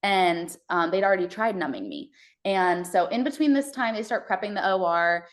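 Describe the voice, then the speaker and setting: A Texan woman appearing as a podcast guest recounts her birth story casually, stumbling along with lots of fillers and restarts. Her voice is medium-pitched and expressive.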